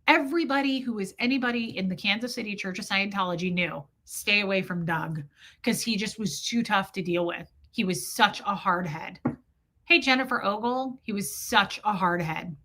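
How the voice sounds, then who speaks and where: A woman's voice: medium pitch, moderate pace, bright, forceful tone. A woman hosting a live stream, talking candidly and emotionally, swearing freely and greeting viewers from the chat. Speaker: livestream host. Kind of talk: casual live-stream talk, reading chat.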